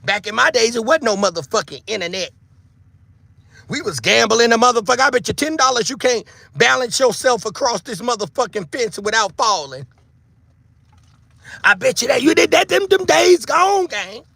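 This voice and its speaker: A man, preaching to his online viewers in a loose monologue, swearing freely and shouting for emphasis. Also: very high voice, expressive, normal speed, creaky, pauses often, no room sound. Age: 50s. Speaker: online show host.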